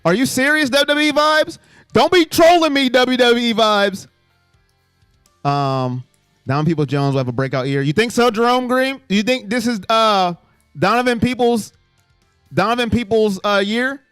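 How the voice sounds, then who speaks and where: Male stream host, high-pitched and very lively, dry close sound with faint music behind. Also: normal speed, clear, resonant tone, dry recording. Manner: animated, jumps between low mutters and loud exclamations. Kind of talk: casual live chat reading fan comments.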